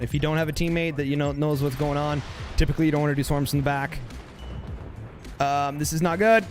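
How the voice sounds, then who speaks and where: A man giving excitable play-by-play commentary on a strategy game, often repeating short calls. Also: medium pitch. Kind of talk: live gameplay commentary.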